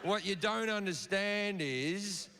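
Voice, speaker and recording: A profane Australian comedian riffs through a live set in a fairly high voice, swearing casually as he tells the story. Steady noise from the venue sits clearly underneath him. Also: slow pace. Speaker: stand-up comedian. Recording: live show with audible crowd noise.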